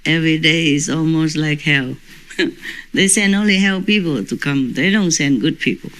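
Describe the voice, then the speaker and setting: A woman's voice: sits low, normal speed, a bit bright, clear, resonant tone, rough recording. A woman spiritual teacher talking informally to her disciples, chatty and often breaking into laughter.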